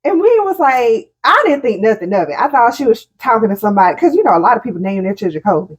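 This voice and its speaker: A woman with a husky voice leads a casual conversation with lively rises and falls in pitch. She asks questions and reacts with strong feeling. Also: fast talker. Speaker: podcast co-host. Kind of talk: casual chat.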